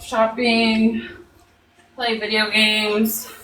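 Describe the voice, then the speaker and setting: Woman in her 30s, chill and slow, fairly high voice, sounds far off in an echoey work room w/ a little noise. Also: monotone, pushed and bright. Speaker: livestream guest. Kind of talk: casual chat on a live stream. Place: at her workplace, in an empty room. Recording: echoey room, distant from the mic, faint noise.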